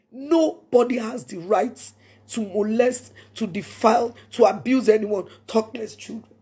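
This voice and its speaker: A Nigerian woman speaks in a high, husky voice. She gives an impassioned, prayerful address and hammers her points home by repeating them. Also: a little mellow. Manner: emphatic, prayerful, repeats phrases for force. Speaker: public statement speaker.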